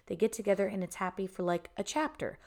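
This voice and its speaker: A young woman co-hosts a podcast in a relaxed, chatty way. She gushes with enthusiasm and talks easily and conversationally, pitched in the middle of a woman's range. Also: quick pace. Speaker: podcast co-host. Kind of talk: casual chat.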